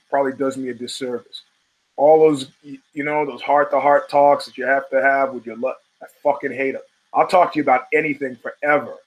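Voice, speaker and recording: A man's voice: a little high, fairly bright tone, low-quality recording. Wry, profane male podcast host. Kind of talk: solo podcast monologue.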